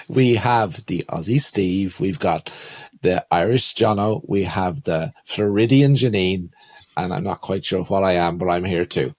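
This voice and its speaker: A man's voice: sits low, a little slow, faint music behind. Upbeat male podcast host. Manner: upbeat, lively host who opens the show and poses questions. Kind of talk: casual podcast hosting.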